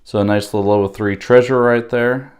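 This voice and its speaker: A man with a slightly hoarse voice gives a casual, halting unboxing walkthrough, pausing often with fillers. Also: mid-range voice, fairly even intonation, a little mellow. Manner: unhurried, halting, with many pauses and fillers. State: slightly hoarse from losing his voice. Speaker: board game unboxing host.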